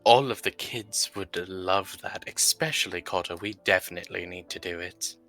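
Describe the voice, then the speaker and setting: A man with a fairly low voice and a sharp, bright edge to it. He narrates his character's moves in a tabletop role-play, pausing often on "uh" as he thinks. There is faint music behind him. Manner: narrates his character's actions with filler pauses. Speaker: tabletop game player.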